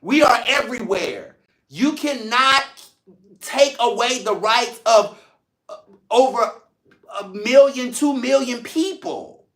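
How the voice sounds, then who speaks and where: A man hosting a show, speaking to viewers in an emotional, expressive way with playful asides. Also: very high-pitched, slow, long pauses, reverberant. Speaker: host. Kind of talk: heartfelt personal talk to viewers.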